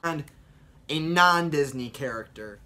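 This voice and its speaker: A man's voice: a little high, expressive, unhurried, bright, forceful tone. A young man in his late teens chatting casually as a vlogger about voice impressions, rambling and upbeat with lots of fillers. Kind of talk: casual tutorial chat.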